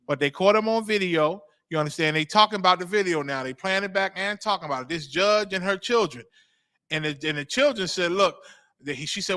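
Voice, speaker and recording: A man's voice: sits high, fairly quick, sharp tone. A male host giving preaching commentary, emphatic, repeating phrases and checking in with 'you understand?'.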